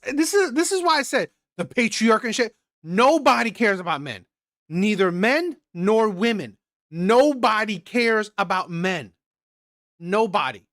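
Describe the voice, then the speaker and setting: Reacting to a clip, a male streamer offers blunt opinions in a high, bright, forceful voice. He's emphatic and repetitive, throws in some swearing, and keeps ending points with "right?" The sound is clean studio audio without echo.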